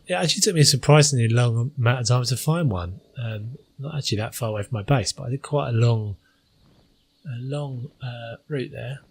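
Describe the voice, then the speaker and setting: A man's voice: medium pitch, slightly rough. A man hosting a gaming channel, talking through his gameplay in a casual, hesitant way with many fillers.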